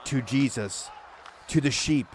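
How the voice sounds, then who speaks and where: A man hosting a live hockey watch-party stream, calling plays and chatting with viewers in an excitable, rambling, joking way. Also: medium pitch, measured pace.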